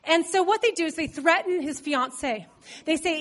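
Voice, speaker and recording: High-voiced woman preaching with a cold. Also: moderate pace. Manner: humorous, chatty storytelling. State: has a cold. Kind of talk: conversational sermon.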